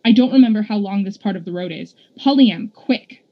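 A woman's voice: mid-range voice, brisk, dull audio, lightly acted. A woman voicing an urgent young girl mage.

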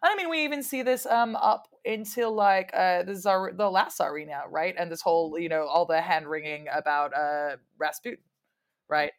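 A woman speaking as a guest historian in a casual podcast conversation, animated and wry, laughing often and mimicking voices when she quotes people. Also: fairly low pitch, normal speed.

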